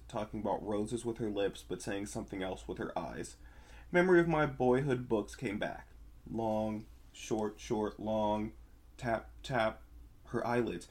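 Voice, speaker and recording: A man's voice: fairly low pitch, unhurried. Man reading a spooky story. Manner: relaxed, laughs easily. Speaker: podcast co-host. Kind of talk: reading a horror story aloud.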